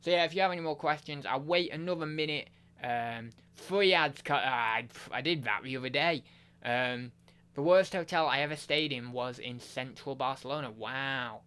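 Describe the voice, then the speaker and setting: A man's voice: medium pitch, moderate pace, sharp tone, clear, resonant tone. A man chatting casually on a live stream, rambling with lots of fillers and restarts.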